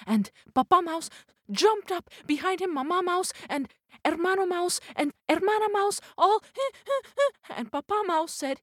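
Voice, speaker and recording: A woman telling a children's folk tale with lively, expressive narration. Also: extremely high pitch, a little slow, no room sound, clean studio sound. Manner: animated, expressive, mixing in foreign words. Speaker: storyteller. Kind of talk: children's storytelling.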